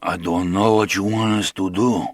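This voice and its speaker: A man's voice: deep voice, steady tone, moderate pace, no echo. Man voicing a meek loyal servant. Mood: apologetic. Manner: subdued, apologetic.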